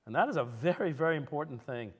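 High-pitched guy preaching, chatty and rambling, fixes his words mid-sentence, big hall echo. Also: expressive, fast, slightly rough. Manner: conversational, digressive, self-correcting. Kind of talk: sermon with history storytelling.

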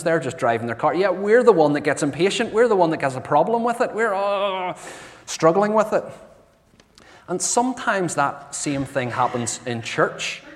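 Earnest male preacher in a reverberant church. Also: medium pitch. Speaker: pastor. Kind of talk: sermon. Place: church sanctuary. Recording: long reverb from a church hall.

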